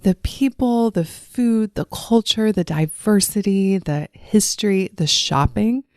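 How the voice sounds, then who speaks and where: A woman's voice: mid-range voice, slow pace, a little mellow, dry recording, clean studio sound. A woman hosting her own podcast, talking in a chatty, upbeat, personal way. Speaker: podcast host. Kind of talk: casual solo podcast talk.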